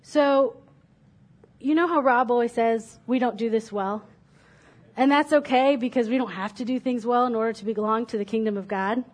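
A woman's voice: fairly high pitch, fairly even intonation, moderate pace. A woman preaching a sermon from a church stage, reading a parable aloud and then speaking candidly and reflectively about her own doubts.

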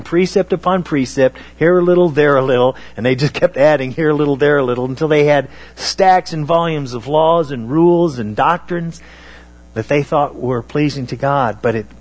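A man preaching a sermon on scripture, talking in a halting way with many fillers and restarts. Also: on the high side.

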